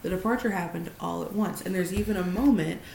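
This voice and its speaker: A woman's voice: lowish voice, fast talker, gravelly, darkish tone. A woman co-hosting a podcast in casual chat, recapping animatedly and swearing casually. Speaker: podcast co-host. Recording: echoey room with faint noise.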